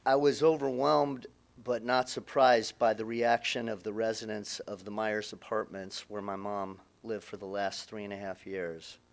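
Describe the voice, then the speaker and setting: A middle-aged man with a lowish voice delivers a eulogy in a funeral chapel. He speaks haltingly, restarting phrases and pausing often, and his voice catches with emotion. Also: little pitch movement, vocal fry. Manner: halting, with frequent restarts and pauses. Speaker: son giving a eulogy.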